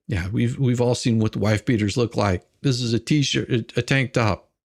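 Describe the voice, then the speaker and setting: Gravelly mocking livestream host. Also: male voice, medium pitch, measured pace. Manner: rambling, mocking, laughs and repeats himself. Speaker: livestream host reacting to court drama. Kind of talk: casual commentary.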